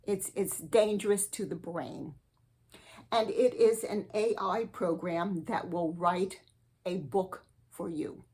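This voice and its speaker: A woman hosting a spiritual advice show, giving a slow, earnest and sweetly eccentric comic monologue. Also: fairly low pitch, darkish tone, slightly rough.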